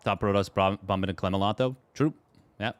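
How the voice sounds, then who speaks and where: A man's voice: on the low side, brisk, clean tone, dry recording. A man casting a strategy game tournament on a live stream, chatting with viewers and rambling through fillers and restarts. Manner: rambling, reads and answers chat, many fillers and restarts. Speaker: esports caster. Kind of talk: live stream commentary and chat.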